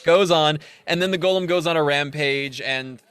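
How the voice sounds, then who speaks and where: This podcast co-host has a slightly high, clear, resonant voice, moving at a moderate pace in a recording with no room sound. He retells a film's plot casually and with animation, performing the characters' lines.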